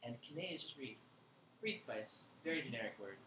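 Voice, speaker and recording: A man's voice: medium pitch, expressive, normal speed. Rambling male lecturer in an echoey bookstore. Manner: rambling, irreverent, thinks aloud. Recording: echoey room with background noise.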